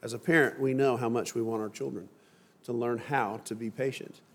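Measured, emphatic male preacher. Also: mid-range voice, steady tone. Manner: measured, emphatic delivery with slow stressed phrases. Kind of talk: sermon with scripture reading.

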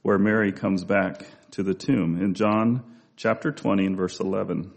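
Gravelly-voiced man giving a Bible lesson. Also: low voice, fairly even intonation, moderate pace. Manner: conversational, with asides and restarts. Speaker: preacher. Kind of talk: Bible study sermon.

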